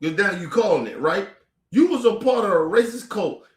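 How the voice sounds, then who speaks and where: Yelling, profane man in an echoey room. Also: high-pitched, lively intonation, normal speed. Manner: heated, profane, mocking rhetorical questions. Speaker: commentary show host reacting to clips. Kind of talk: profane angry reaction rant.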